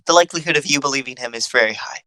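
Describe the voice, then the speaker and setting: A man's voice: medium pitch, very fast, sharp tone, no echo. A man running a tabletop role-playing game as game master, playful and laughing often.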